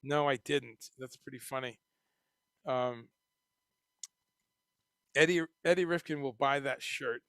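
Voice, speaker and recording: A man hosting a casual livestream, reading chat comments and talking in a profane, animated way. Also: mid-range voice, slow, long pauses, clean tone, dry recording, studio quality. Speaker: livestream host.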